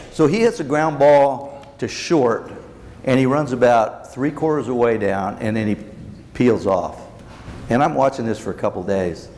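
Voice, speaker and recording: A man's voice: on the low side, a little mellow. Older man, blunt storyteller, acted-out dialogue, long hall reverb, faint background noise. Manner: blunt, acts out quoted dialogue. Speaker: former baseball manager, keynote guest. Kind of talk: anecdotal storytelling in a Q&A. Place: large banquet hall.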